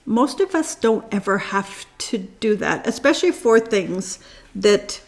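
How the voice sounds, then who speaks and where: Enthusiastic woman, middle-pitched voice. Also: animated, unhurried. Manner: enthusiastic, stammers and restarts, ends lines with 'right?'. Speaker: podcast co-host. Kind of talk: casual chat.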